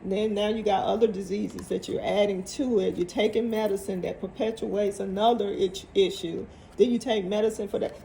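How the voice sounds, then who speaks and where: Woman, tarot reader, casual and motivational, gravelly, mid pitch. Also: warm tone, slight background noise. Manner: emphatic, repeats phrases, motivational. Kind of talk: casual tarot reading to viewers.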